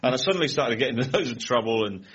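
A man guest on a chat show, telling rambling anecdotes with frequent laughter and quick impressions of people. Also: mid-range voice, expressive, fairly bright tone, breathy edge, dull audio. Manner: rambling, laughs often, mimics people in stories. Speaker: comedian guest.

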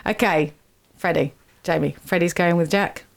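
A woman's voice: fairly low pitch, normal speed, creaky. A woman hosting a radio show in a studio, chatty and teasing as she quizzes her guests. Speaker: radio host.

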